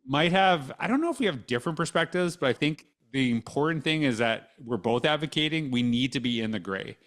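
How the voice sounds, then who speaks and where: A man's voice: medium pitch, lively intonation, a little fast, a bit bright. Casual rambling male podcast host. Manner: rambling with many restarts, dry sarcastic asides. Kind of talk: casual conversational interview.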